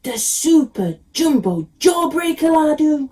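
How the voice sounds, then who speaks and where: A woman's voice: sits high, takes it slowly, a little hiss or hum. Woman reading a picture book to children. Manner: expressive storybook reading, frequent ums. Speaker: teacher.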